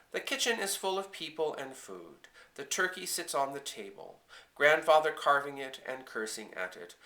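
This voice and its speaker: A man narrating a storybook in the first person, gentle and measured, with phrases that trail off softly. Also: medium pitch. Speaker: audiobook reader.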